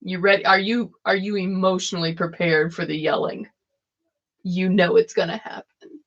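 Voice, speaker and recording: A woman doing a casual live-streamed tarot reading, playful and quick to laugh between cards. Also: on the low side, flat delivery, highs cut off. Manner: giggly, playful, often breaks into laughter.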